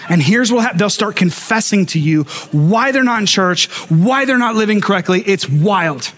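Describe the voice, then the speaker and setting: A man preaching a sermon in a noticeably high voice for a man. He tells lively stories, throws in humorous asides to the congregation, and acts out the people he quotes. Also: normal speed. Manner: animated storyteller acting out quoted voices. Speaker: pastor.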